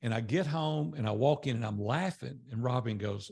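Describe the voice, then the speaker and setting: A man's voice: normal speed, creaky, a little mellow, breathy edge. An older man tells his life story to a small group in a conversational way, voicing the people he quotes. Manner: conversational, acts out quoted dialogue with rising pitch.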